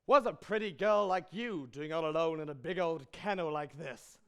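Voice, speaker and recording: A man's voice: a little high, moderate pace, vocal fry, clear, resonant tone. A man playing a sleazy flirting wolf. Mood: flirtatious. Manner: sleazy, flirtatious, drawls and croons. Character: lecherous smooth-talking male wolf. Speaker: panto wolf. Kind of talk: live pantomime comedy and song. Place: theatre stage. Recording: stage recording with loud band. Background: loud band music.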